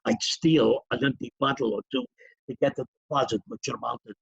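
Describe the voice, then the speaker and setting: Gravelly older New man reminiscing. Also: medium pitch, steady tone, brisk, no room sound, highs cut off. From New York. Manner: rambling, digressive storytelling with chuckles. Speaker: interview guest. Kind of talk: reminiscing in a casual interview.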